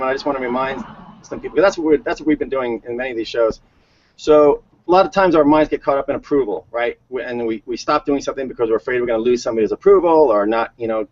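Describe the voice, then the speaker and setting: A man co-hosting a casual conversation, chatty and given to repeating words as he tells stories. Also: mid-range voice. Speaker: co-host. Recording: dull lo-fi sound.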